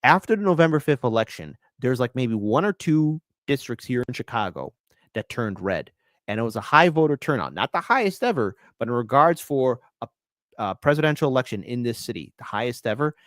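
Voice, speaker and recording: A man's voice: mid-range voice, big pitch swings, a little fast, fairly bright tone, no room sound, clean studio sound. A man co-hosting a casual podcast, talking animatedly and slipping into mocking voices as he riffs. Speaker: guest co-host.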